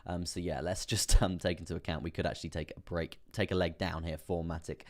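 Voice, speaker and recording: A man's voice: low-pitched, level tone, fairly quick, a little mellow. A man hosting a casual live-stream of crypto chart commentary, chatty and rambling, with frequent laughs and fillers. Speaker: crypto trading livestream host.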